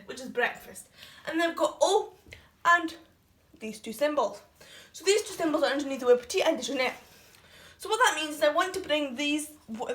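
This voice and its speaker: A woman's voice: high-pitched, a bit bright. A woman teaching French food words in a chatty, explanatory way with fillers. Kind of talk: classroom-style vocabulary lesson. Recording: echoey room, somewhat distant from the mic.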